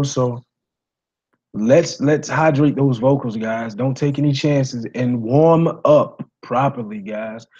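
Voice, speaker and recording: A man with a raspy voice giving a casual singing lesson to viewers, rambling, repeating himself and saying "you know" and "guys" often. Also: mid-range voice, mellow, muffled recording. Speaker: singing coach.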